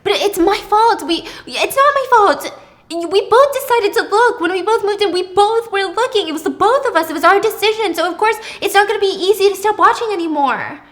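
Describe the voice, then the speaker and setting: A woman's voice: very high voice, lively intonation, brisk, fairly bright tone, voice pushed up. Woman playing a frantic obsessive young woman. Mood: defensive.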